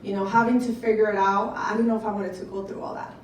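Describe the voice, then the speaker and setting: Excited woman speaking in an echoey hall. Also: mid-range voice, quick pace, a little hiss or hum. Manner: excited, conversational, addresses the audience directly. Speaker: speaker at a business event. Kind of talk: motivational testimonial speech. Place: event hall with an audience. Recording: echoey room picked up from a distance.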